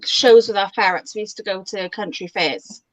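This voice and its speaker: A woman's voice: medium pitch, moderate pace. A woman chatting on a video call, telling stories with lots of fillers and restarts. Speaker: guest on a chat stream. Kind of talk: casual group chat. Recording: dull lo-fi video call audio.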